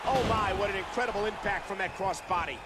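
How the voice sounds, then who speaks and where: A man voicing an excitable play-by-play commentator in a wrestling video game. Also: sits high, fast, very noisy, lightly acted. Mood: hyped. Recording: game audio with loud crowd.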